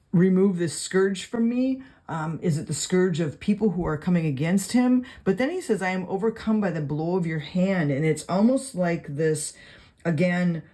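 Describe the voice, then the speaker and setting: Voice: mid-range voice, darkish tone. A Bible study teacher in a casual video lesson, reading verses aloud and explaining them in a conversational way with many fillers while writing notes. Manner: writes notes while talking.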